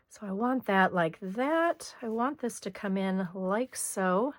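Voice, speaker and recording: A middle-aged woman hosting a hands-on scrapbooking tutorial, chatting casually as she works and clearing a slightly hoarse throat now and then. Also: mid-range voice, no room sound. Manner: chatty, talks while working, frequent throat clearing. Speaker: scrapbooking host.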